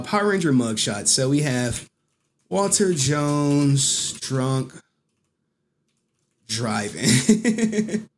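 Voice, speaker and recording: A male streamer with a somewhat high voice chats loosely about clips, repeating himself and rambling. He keeps dissolving into giggling fits. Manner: giggly, breaks into frequent laughter. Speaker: streamer host. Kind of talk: casual commentary on clips.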